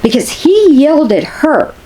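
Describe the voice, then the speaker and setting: A woman's voice: high voice, very animated, a little slow, warm tone, slight background noise. A woman, chatting casually to her viewers as a commentary vlogger, repeating herself for emphasis.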